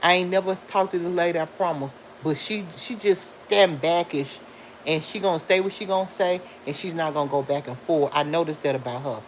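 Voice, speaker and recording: A woman's voice: on the low side, brisk, a little hiss or hum, poor audio. A middle-aged woman, hosting a casual live stream and talking back to commenters, laughing often.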